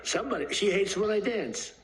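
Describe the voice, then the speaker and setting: A man's voice: sits high, brisk, a crowd in the background, rough recording. A man giving a rambling off-the-cuff speech as president, emphatic and repetitive, acting out stories. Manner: animated storyteller acting out quotes.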